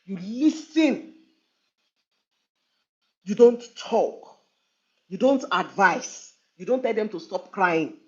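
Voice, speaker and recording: A woman's voice: mid-range voice, lively intonation, slow, long pauses, darkish tone. A woman giving a live online talk, earnest and conversational, repeating phrases for emphasis. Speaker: relationship speaker. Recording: dull lo-fi online stream.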